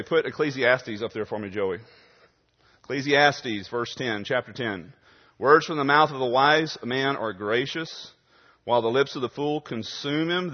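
Man preaching with strong emphasis in a hall. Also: mid-range voice. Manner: emphatic preaching, swings from loud stresses to quiet asides. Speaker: pastor. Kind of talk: sermon. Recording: dull sound in a reverberant hall.

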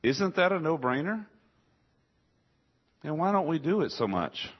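A man's voice: a little high, sing-song, measured pace, husky, muffled recording. A man pastor preaching a conversational sermon, asking rhetorical questions and voicing his listeners' objections.

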